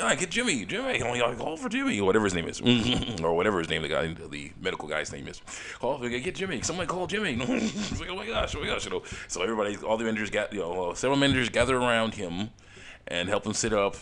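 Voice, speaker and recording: Deep-voiced guy rambling thru a work story, lots of restarts and little laughs. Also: fairly bright tone. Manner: rambling, many restarts and chuckles, acts out quoted voices. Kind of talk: casual storytelling while working on a game mod.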